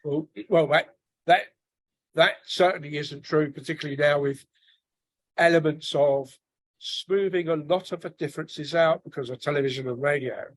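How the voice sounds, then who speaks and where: A man with a working-class North London accent talks loosely in a book club chat, restarting sentences as he hunts for the right word. His voice sits a little high for a man. The sound is dry, with no room echo. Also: normal speed. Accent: working-class North London English. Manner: rambling, searches for words with many restarts. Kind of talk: casual group discussion.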